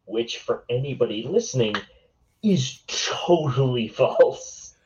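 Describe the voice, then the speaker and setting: A man's voice: mid-range voice, very animated, takes it slowly, a little mellow. A man co-hosting a podcast in casual chat, making dry, blunt remarks. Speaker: podcast co-host. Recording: dull, lo-fi mic.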